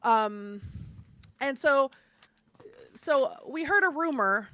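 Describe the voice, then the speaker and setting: A woman co-hosting a podcast, telling a story in a chatty, animated way, with lots of fillers and asides. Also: high-pitched, takes it slowly. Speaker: podcast co-host. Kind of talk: casual chat, storytelling.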